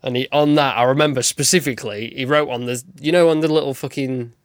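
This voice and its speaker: A man's voice: mid-range voice, steady tone, fast talker, no echo. Man with a dry, close voice. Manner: rambling, swearing, laughing storyteller. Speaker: podcast co-host. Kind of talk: casual chat.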